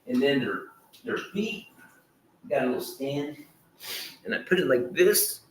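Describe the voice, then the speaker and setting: With big swings in pitch from a mid-range base, this middle-aged vlogger speaks unhurriedly over slight background noise. He rambles on his livestream with his dogs, cursing casually and shifting at times into loud scolding and prayer.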